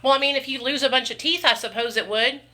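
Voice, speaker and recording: Talking fast in a high, pushed, bright voice, a vlogger chats casually with her live viewers. She keeps saying "y'all" and "you guys" and addresses them as honey and baby.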